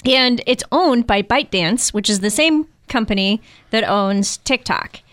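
A woman's voice: on the high side, expressive, measured pace, a bit bright, no room sound, studio quality. A woman co-hosting a casual car podcast, chatty and upbeat. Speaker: podcast co-host.

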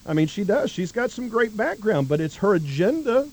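High-voiced rambling radio guest. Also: male voice, sing-song, moderate pace, a little mellow. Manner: rambling, restarts a lot, trails off low. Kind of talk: political talk radio.

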